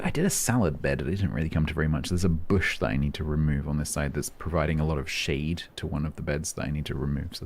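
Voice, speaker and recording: A man's voice: very deep voice, darkish tone. A man, chatting casually with his stream viewers and rambling with many ums and restarts. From London, England. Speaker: livestreamer. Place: home, United Kingdom.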